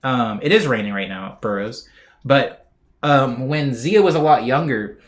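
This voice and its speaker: A man's voice: medium pitch, a little slow. Chatty male streamer reading chat. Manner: relaxed, chatty, reads chat aloud with small laughs. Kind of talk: casual live-stream chat.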